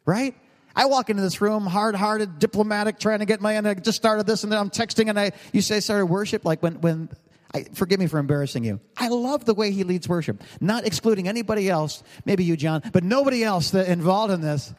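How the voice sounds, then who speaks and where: Preaching pastor in a reverberant hall. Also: male voice, high voice, brisk. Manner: conversational, joking, rambling preaching with asides to the congregation. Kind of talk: sermon. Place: large church hall.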